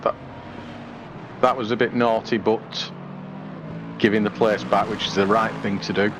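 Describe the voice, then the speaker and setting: A man's voice: on the low side, little pitch movement, a little slow, noisy background. A man doing live sim racing commentary in a chatty, rambling way with lots of fillers.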